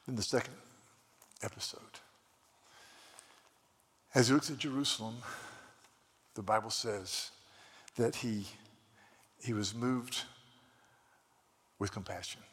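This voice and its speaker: A man's voice: on the low side, slow pace, pauses often, a bit bright. A man preaching a sermon, retelling scripture stories with many stammered restarts and quoted voices. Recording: long hall reverb.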